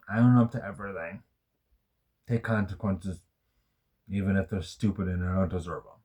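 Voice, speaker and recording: A man's voice: deep voice, a little mellow. A man in his thirties telling a personal story in a rambling, self-correcting way, swearing often. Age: 30s. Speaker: vlogger. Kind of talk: personal vlog, emotional storytelling.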